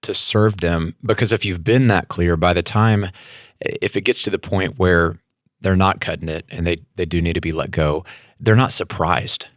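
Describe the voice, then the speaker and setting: Man, interview host, affirming, very low voice, dry sound. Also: fairly even intonation, normal speed, no echo. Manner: affirming, brief agreeing interjections. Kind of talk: interview conversation.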